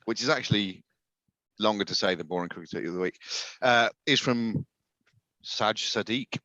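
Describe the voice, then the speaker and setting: A low-voiced man co-hosting a casual chat, dry and sardonic, often chuckling. The sound is close and dry but a little dull and muffled. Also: normal speed, sharp tone, no room sound. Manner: dry, sardonic, laughs while reading tweets. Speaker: podcast co-host.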